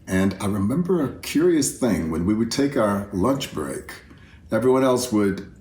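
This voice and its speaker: A man's voice: lowish voice, darkish tone. An older man giving a reflective, heartfelt spoken tribute, speaking directly to an old friend. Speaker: artist giving a video tribute. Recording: roomy self-recorded video message.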